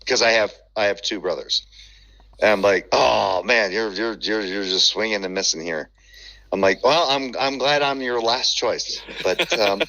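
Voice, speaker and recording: A man telling stories in casual chat, profane and animated, acting out the voices he quotes. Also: lowish voice, dull audio.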